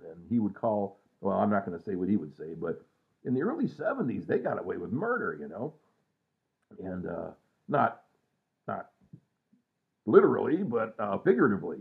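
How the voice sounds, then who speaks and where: A man's voice: lowish voice, very animated, moderate pace, creaky. A man in his sixties rambling casually and self-mockingly at home at night, trailing off with lots of fillers. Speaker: vlogger. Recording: tinny phone-like sound.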